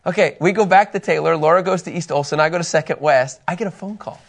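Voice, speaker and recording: A middle-aged man teaching a Bible class in a casual, animated way, telling personal stories and laughing at himself. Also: on the high side, fast, vocal fry.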